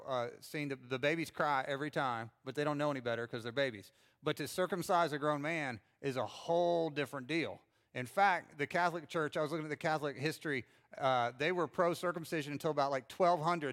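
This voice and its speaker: A middle-aged pastor preaching a sermon in a conversational way, with frequent fillers and restarts. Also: male voice, fairly high pitch, a little fast, fairly bright tone.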